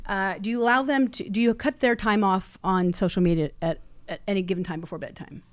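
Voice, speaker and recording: A woman's voice: mid-range voice, steady tone, brisk, no echo. A middle-aged woman hosting a casual podcast, playfully quizzing her guest. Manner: playful, quiz-style questioning. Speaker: podcast host and company owner.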